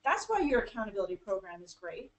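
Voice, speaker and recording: A woman's voice: medium pitch, big pitch swings, quick pace. A woman hosting an interview, responding to her guest in an affirming way. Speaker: interview host. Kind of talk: interview wrap-up. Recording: echoey room.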